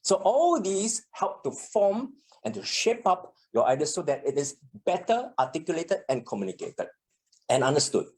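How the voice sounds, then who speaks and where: A public speaking trainer runs a live workshop from a meeting room, with listeners also joining on a video call. The voice sits at a middle pitch but swings widely up and down. Example lines get acted out with animation. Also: moderate pace. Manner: animated, acts out example sentences.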